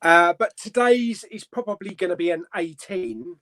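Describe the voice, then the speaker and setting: A man hosting a casual live-stream chat, jokey and quick to laugh. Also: sits high, fairly bright tone, no echo. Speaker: host of a live chat show.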